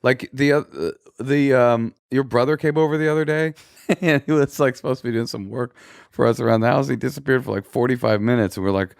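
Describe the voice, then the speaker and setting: A man co-hosting a comedy podcast in an easy, rambling, joking way. He sits close to the mic in a dry room. His pitch is mid-range. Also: steady tone, fairly quick, creaky, no room sound. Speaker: podcast co-host. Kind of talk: casual comedic chat.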